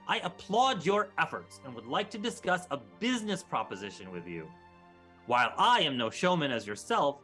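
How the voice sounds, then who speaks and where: A grand, florid gentleman of means, as a man puts him on, lifted above the actor's usual pitch with a bright, forceful edge. Faint music plays behind the tabletop game. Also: exaggerated voice. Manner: formal, florid, put-on accent. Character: pompous wealthy gentleman letter writer.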